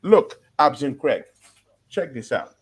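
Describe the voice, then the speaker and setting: A man holding forth in a casual football chat, animated and talkative, checking in with his listeners as he builds each point. His voice sits at an ordinary mid pitch. He laughs easily between his points. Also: slow, breathy edge. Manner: animated, laughing, walks through his argument with "yeah?" and "right?". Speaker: football podcast co-host.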